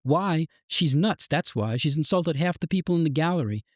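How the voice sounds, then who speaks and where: A man voicing an angry, pleading young ex-wife, who talks in sharp, exasperated questions. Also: low voice, lively intonation, moderate pace, no room sound, clean studio sound, pitched above the performer's own voice.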